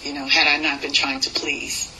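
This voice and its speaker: A woman's voice: sits low, flat delivery, moderate pace, bright, forceful tone, slight background noise, poor audio. A woman with a New York accent, speaking as a guest in a casual radio interview and laughing easily.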